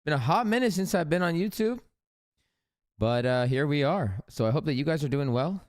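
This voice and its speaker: Male streamer host, winded, slightly high voice, peppy slangy hype, faint music behind. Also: moderate pace. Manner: energetic, slangy greetings to viewers. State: out of breath. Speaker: livestream host. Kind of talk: casual live stream chat. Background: faint background music.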